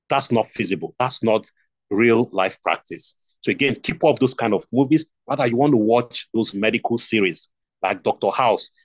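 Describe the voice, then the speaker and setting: This online lecture features a Nigerian-accented man running a nursing exam review, restating key points and asking rhetorical questions. His voice is mid-range, recorded dry, and the stream audio sounds dull and lo-fi.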